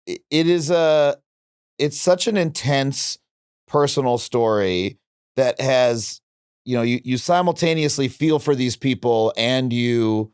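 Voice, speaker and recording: Man, podcast host, reflective, halting restarts, smooth clear voice. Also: medium pitch, a little mellow, dry recording, clean studio sound. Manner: reflective, many restarts and fillers. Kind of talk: casual interview conversation.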